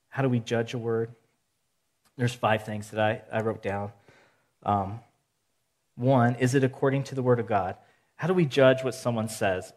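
A male pastor giving a measured sermon, teaching point by point and asking rhetorical questions. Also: mid-range voice. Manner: steady, counts points aloud.

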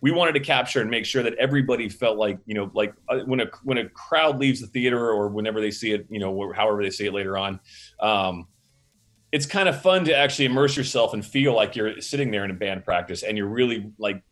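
A film director being interviewed, talking casually with many fillers and restarts, acting out quotes from the set. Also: male voice, on the low side, fast, a bit bright. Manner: rambling, filler-heavy, acts out quotes.

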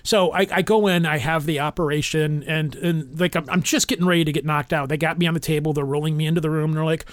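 High-voiced man telling a story, dry sound. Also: quick pace, dry recording. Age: middle-aged. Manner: animated, acts out quotes in a raised voice. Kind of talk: casual storytelling chat.

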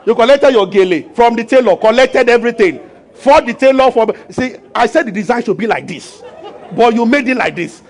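A man preaching a sermon as pastor, animated and acting out voices. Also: very high-pitched, a little fast, slight background noise. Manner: animated, acts out voices and laughs with the congregation.

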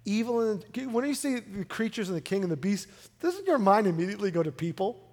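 A pastor preaching a sermon in a casual, conversational way, swinging from loud emphatic lines to hushed ones. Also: male voice, sits high, animated, brisk. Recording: long hall reverb with music behind.

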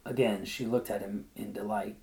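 Man, low-pitched voice, storybook reading, thoughtful, pauses to search for words. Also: steady tone, creaky, mellow. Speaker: reader. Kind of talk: reading a short story aloud, then casual commentary.

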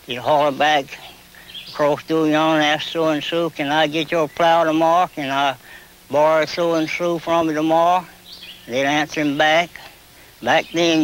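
This low-quality recording carries slight background noise. In it, a plain-spoken man in his seventies, a traditional holler caller, explains how country people hollered to each other and shows off long, high calls as he tells his folksy stories.

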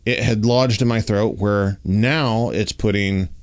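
A man telling a personal story in casual chat, acting out the dialogue and talking with lots of fillers. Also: takes it slowly. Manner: animated, acts out dialogue with raised pitch; uses many fillers like "like" and "you know".

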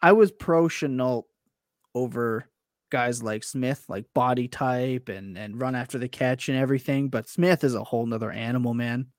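A man chatting on a podcast as a guest, animated and self-deprecating, often stumbling and restarting his words. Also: medium pitch, moderate pace, no echo, clean studio sound. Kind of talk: casual chat.

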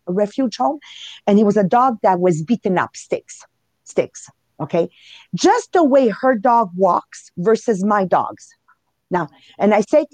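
Animated Italian-accented woman in her fifties. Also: mid-range voice, dry recording. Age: 50s. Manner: animated, laughs often, talks to listeners. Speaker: podcast co-host. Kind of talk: casual live podcast talk.

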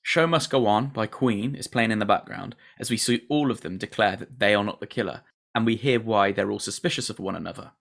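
Brit guy recapping a show, low gravelly voice, swears and laughs a lot. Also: a little fast, a bit bright. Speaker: podcast host. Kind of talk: casual recap chat.

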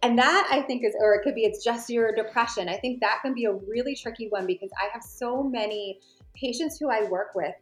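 A woman's voice: on the high side, a little fast, echoey room, soft background music. A woman therapist guest in casual conversation, speaking thoughtfully and acting out phrases people say. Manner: thoughtful, acts out quoted phrases. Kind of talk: casual chat.

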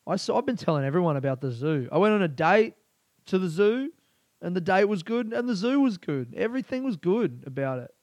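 A man's voice: high voice, sing-song, fairly quick, darkish tone, no echo. A young Australian man hosting his own podcast alone, rambling in a crude, profane, offhand way. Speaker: podcast host. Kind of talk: solo casual podcast monologue.

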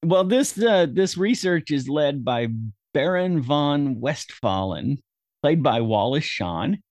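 A man's voice: on the high side, lively intonation, slow pace, darkish tone, dry recording, clean studio sound. A man hosting a casual film review chat, summarizing the plot with wry jokes. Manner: summarizing, wry, laughs easily. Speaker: podcast host.

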